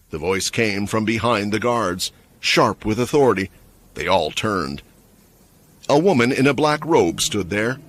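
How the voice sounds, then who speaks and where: A man's voice: on the low side, fairly bright tone, slight background noise. A man giving scripted story narration for a fantasy comic recap.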